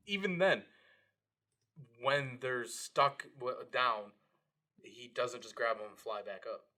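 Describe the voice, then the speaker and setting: A man co-hosting a podcast, dropping quick jokey remarks into a casual chat. His voice is bright, at an ordinary pitch for a man. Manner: jokey, chimes in with quips. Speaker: podcast co-host.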